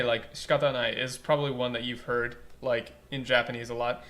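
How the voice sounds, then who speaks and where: A man giving let's play commentary and critiquing a game's translation, blunt and animated, swearing casually and saying "like" a lot. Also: mid-range voice, fairly quick. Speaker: game localization critic.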